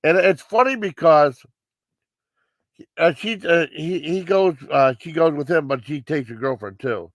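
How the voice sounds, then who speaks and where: A man's voice: fairly high pitch, a little slow, no echo. A man giving a casual live movie review, rambling with many fillers and restarts.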